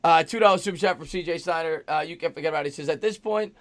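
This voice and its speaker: A hoarse man hosting a live sports stream, calling plays and thanking chat donors. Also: fairly high pitch, rapid-fire, a bit bright. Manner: upbeat, reads out super chats and calls plays. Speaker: host. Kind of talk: live play-by-play stream with chat shout-outs.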